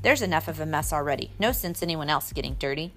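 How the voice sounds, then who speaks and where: A woman voicing a calm, good-humored father in a storybook reading, speaking in an unhurried, soothing way. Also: low-pitched, faint music behind.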